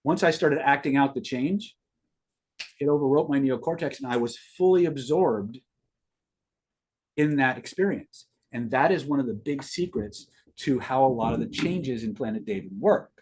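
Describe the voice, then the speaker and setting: A man's voice: medium pitch, moderate pace, a little mellow, a little hiss or hum. A middle-aged man hosting a live stream, telling a rambling personal story in casual talk and repeating words as he goes. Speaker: host answering live viewers.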